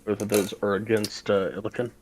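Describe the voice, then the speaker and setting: A man's voice: on the low side, level tone, a little fast, darkish tone, a little hiss or hum, poor audio. A man running a tabletop game as game master, talking with hesitant fillers.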